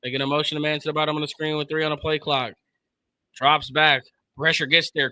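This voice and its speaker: A young man streaming casual live play-by-play of a football game, excitable and slangy, laughing often with his chat. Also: fairly high pitch, fairly quick.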